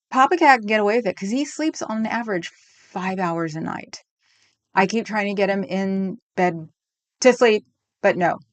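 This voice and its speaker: A woman's voice: fairly low pitch, dry recording. A middle-aged woman from California hosting a livestream, chatting casually and rambling with frequent laughs, at home on a desk microphone. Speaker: livestream host. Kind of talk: casual chat with live chat.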